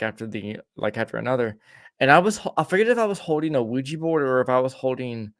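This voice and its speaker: A man's voice: mid-range voice, dry recording, studio quality. Stammering man telling a rambling story. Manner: rambling, stammering restarts, acts out quoted voices. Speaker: podcast co-host. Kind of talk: casual storytelling chat.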